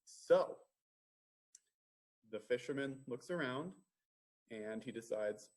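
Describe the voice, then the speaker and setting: A man reads a storybook aloud to preschoolers at a library storytime. He speaks slowly with a husky voice and keeps asking the children what they think happens next. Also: medium pitch, lively intonation. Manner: asks the children questions, drawn-out pauses.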